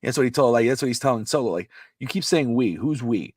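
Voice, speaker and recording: A man co-hosting a casual podcast, rambling and animated, acting out quotes, with a slightly irritated throat. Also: medium pitch, fast talker, dry recording, studio quality. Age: adult with a child. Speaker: podcast co-host.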